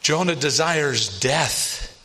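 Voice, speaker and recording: A male preacher delivers a sermon with emphasis and a bright, forceful edge to his voice. His pitch sits somewhat high for a man, and he leans on rhetorical questions to carry his listeners along. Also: animated, takes it slowly.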